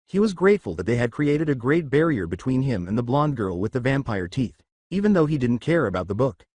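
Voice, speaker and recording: A man reading fan fiction aloud in a steady, measured way, though his pitch moves around a lot. The sound is dry and close to the mic. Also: no room sound. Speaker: narrator. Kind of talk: fanfiction story narration.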